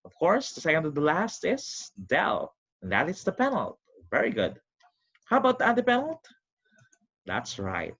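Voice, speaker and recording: A man teaching a recorded online lesson, drawing out his examples slowly. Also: vocal fry, husky. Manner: lively, swooping pitch with slow drawn-out examples. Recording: dull lo-fi recording.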